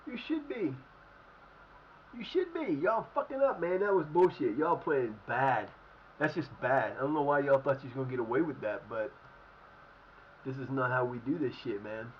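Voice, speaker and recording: A man's voice: mid-range voice, lively intonation, moderate pace, lo-fi sound, slight background noise. A man streaming a football management game and cursing out his own team in angry rants. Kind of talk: live-stream gameplay commentary.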